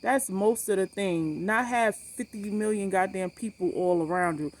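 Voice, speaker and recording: A woman vlogs to camera about her cancer treatment, telling a story bluntly and animatedly, swearing freely and repeating points for emphasis. She speaks at a medium pitch and a normal speed.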